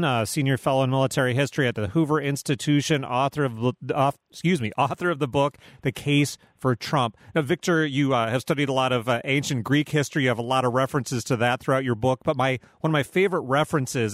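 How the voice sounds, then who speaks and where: A man's voice: medium pitch, fast talker, hardly any pauses, dry recording. Male talk show host, dry studio voice, conversational, lots of uh's. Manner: conversational, hesitant with fillers. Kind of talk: radio interview.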